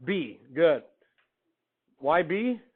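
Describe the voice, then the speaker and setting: A man's voice: on the high side, big pitch swings, extremely slow. A man teaching a math class, lecturing in an upbeat way and quizzing his students as he goes. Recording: phone-like lo-fi classroom recording.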